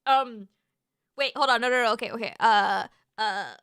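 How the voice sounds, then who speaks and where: A young woman streaming, chatting casually and excitedly, with sudden shouted outbursts. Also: fairly high pitch, normal speed, clear, resonant tone, dry recording, studio quality. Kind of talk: casual live-stream chat.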